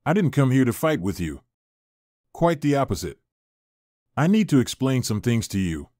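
A man's voice: medium pitch, sing-song, normal speed, darkish tone, no echo, clean studio sound, close to an everyday voice. A man voicing a defiant estranged young wife. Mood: pleading. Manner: heated, exasperated, pleading. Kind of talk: audiobook character reading.

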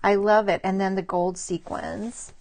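A middle-aged woman chatting warmly on a live craft stream, admiring handmade cards and greeting viewers by name. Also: mid-range voice, flat delivery, a little slow. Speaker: stamping demonstrator showing cards to live viewers. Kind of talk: casual live craft show-and-tell.

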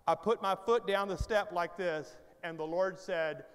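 A middle-aged man preaching a sermon as a guest, telling a story with animated, self-deprecating humor and playful asides to the congregation. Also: high-pitched, moderate pace, few pauses. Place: large church sanctuary. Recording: long reverb of a big church hall.

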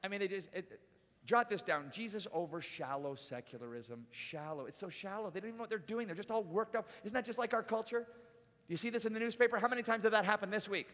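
A man's voice: high voice, fast, a bit bright, in a large hall. A man preaching a sermon as pastor, casual and conversational, with playful asides to the congregation. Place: large church auditorium.

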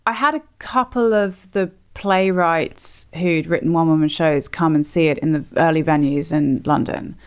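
Low-ish voice, aussie-raised comedian lady rambling and joking about herself, casual chat. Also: clean tone. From Australia. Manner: rambling, self-deprecating, quick asides. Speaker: comedian guest.

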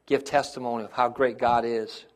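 A man's voice: mid-range voice, flat delivery, moderate pace. A man, a pastor preaching a sermon to his congregation and calling out to them as his intensity rises.

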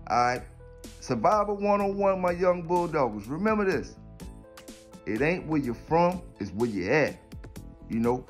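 A man from South Carolina, rambling and preaching in streetwise slang in a casual vlog. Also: medium pitch. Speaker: dog kennel owner.

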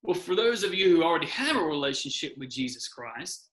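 A man's voice: on the high side, big pitch swings, a little fast, fairly bright tone, rough recording. A man speaking as a guest in an earnest, encouraging faith talk, often repeating his key phrases.

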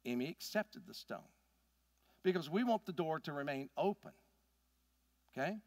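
A middle-aged pastor, telling a family story in a conversational sermon that builds to emphatic points. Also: male voice, on the high side, expressive, normal speed, darkish tone, no echo, studio quality. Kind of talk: sermon with personal stories.

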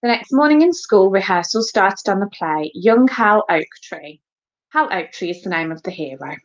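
A woman teacher reading a children's book aloud in a slow, expressive storytelling manner, in a dull lo-fi recording. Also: medium pitch. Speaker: primary school teacher.

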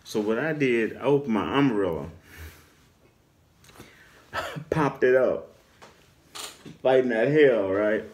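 A man telling a casual storytime anecdote in an animated way, often laughing as he talks. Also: medium pitch, takes it slowly, pauses often. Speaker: storyteller vlogger.

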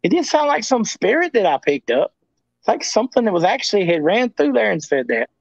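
A man with a fairly high voice talks as a guest on a show. He rambles through his stories and circles back on himself. The audio is dry and dull, like a lo-fi recording. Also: big pitch swings, brisk, gravelly, no room sound. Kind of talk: casual storytelling.

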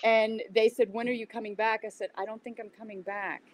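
Woman telling a lively story. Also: fairly high pitch, brisk, poor audio. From United States. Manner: animated retelling with acted-out quotes. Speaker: interview guest, yoga teacher. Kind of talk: casual storytelling.

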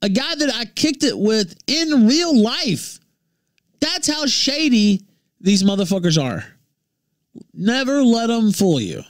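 A man from Memphis, ranting profanely on his livestream, jumping between shouts and low mutters. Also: very animated, slow, no room sound, studio quality. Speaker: livestream host.

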